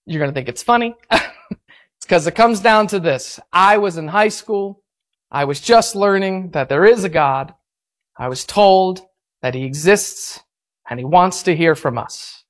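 A man pastor preaching a sermon, telling a story in an animated and self-mocking way. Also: high voice, unhurried.

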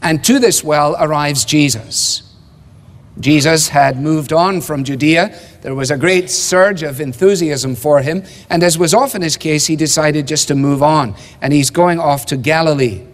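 A man preaching an expository sermon, measured and emphatic, with rhetorical questions. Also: a little high. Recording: long hall reverb.

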